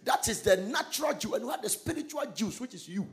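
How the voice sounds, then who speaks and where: A man preaching a sermon, swinging between quiet asides and loud, sung-out lines. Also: high voice, big pitch swings, quick pace, faint music behind. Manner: emphatic preaching with sudden shouted, sung-out phrases and laughter. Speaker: pastor.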